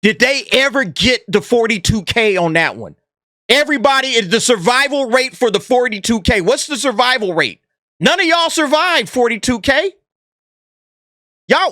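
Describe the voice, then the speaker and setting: A man's voice: extremely high pitch, sharp tone, no echo, studio quality. A man hosting a commentary channel, talking in a brash, mocking and profane way, laughing at the people he talks about. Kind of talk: casual commentary monologue.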